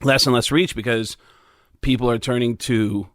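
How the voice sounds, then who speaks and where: A man's voice: medium pitch, steady tone, normal speed, no room sound, clean studio sound. A man, a comedian guest on a podcast, telling stories in an easygoing way with many fillers. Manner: easygoing, storytelling, stumbles over fillers. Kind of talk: casual chat.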